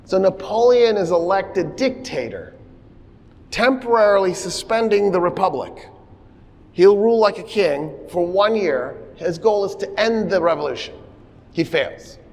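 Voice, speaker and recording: Animated male history lecturer, high voice. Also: unhurried. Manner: animated storytelling, acting out quotes. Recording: long reverb of a lecture hall.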